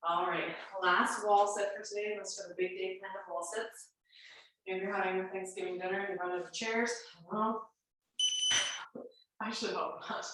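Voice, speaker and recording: A woman's voice: mid-range voice, fairly even intonation, normal speed, fairly bright tone, a little hiss or hum. A woman instructor talks a home exercise class through each move in a chatty, reassuring way, her voice congested and nasal. She sounds set back from the camera mic, and the room rings with heavy echo. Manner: chatty, reassuring coaching cues. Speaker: fitness instructor. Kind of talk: guided home workout instruction. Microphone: camera mic at a distance. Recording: very echoey room, voice far from mic.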